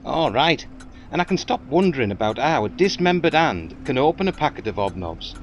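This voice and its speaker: A man's voice: fairly high pitch, very animated, a little fast, a little hiss or hum. A man with a Northern English accent, telling a rambling comic story with many fillers and hesitations. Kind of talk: comic improvised banter.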